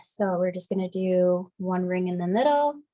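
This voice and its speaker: A young woman getting over a cold, teaching a relaxed, chatty, upbeat step-by-step decorating class. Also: fairly low pitch, moderate pace. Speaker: craft class instructor. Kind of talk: casual step-by-step demonstration.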